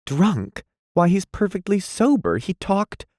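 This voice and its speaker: A man reading aloud, voicing a gossipy, excitable young woman in a high, breathless voice. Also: slow pace, no echo, studio quality, full character voice. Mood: distressed. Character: gushing gossipy young woman, easily moved.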